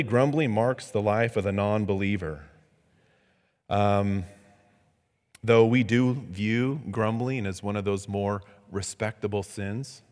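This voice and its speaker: A male pastor preaching a midweek sermon, animated and conversational, often restarting and repeating words. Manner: animated, acts out quotes in a high voice. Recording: long hall reverb.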